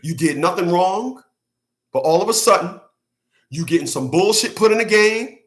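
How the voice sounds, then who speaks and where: A man with a high, bright voice delivering a profane, blunt rant to his viewers. He hammers his points home by repeating single words and curses freely. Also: animated, normal speed. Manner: blunt, heavy cursing, repeats words for emphasis. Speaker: channel host commenting on clips. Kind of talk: profane reaction commentary.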